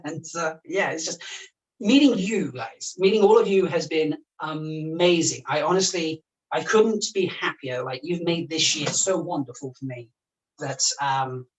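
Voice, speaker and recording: A chatty chef hosts a charity livestream from a home kitchen, laughing often and talking while cooking. The voice sits at a middling pitch and sounds set back from the microphone. The talk is casual and friendly. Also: measured pace. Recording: voice picked up from a distance.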